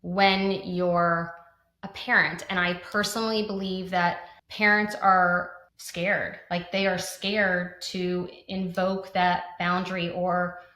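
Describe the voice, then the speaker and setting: This podcast co-host, a woman in her thirties, speaks slowly in a fairly low, sharp-toned voice with little pitch movement. Her delivery is earnest yet full of restarts and fillers such as "like," all captured with a roomy echo.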